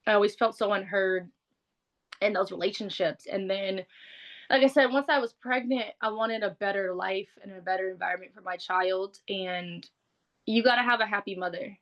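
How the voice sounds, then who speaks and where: A woman's voice: mid-range voice, normal speed, dull audio. A woman speaking as an interview guest, telling a personal story in a frank, conversational way with lots of "like". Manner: frank, conversational, heavy use of "like".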